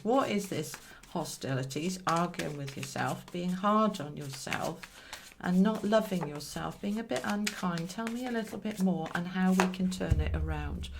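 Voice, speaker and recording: A woman's voice: lowish voice, creaky, background noise. A British woman doing a monthly tarot reading, chatty and reassuring as she draws cards and talks to them. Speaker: tarot reader.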